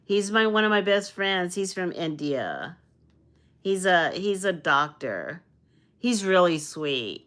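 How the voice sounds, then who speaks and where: Slow, low-voiced woman chatting live. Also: fairly bright tone. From Arizona. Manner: rambling and earnest, often repeats phrases and restarts; spiritual, uplifting talk about energy and self-love. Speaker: live streamer. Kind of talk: casual livestream chat with viewers.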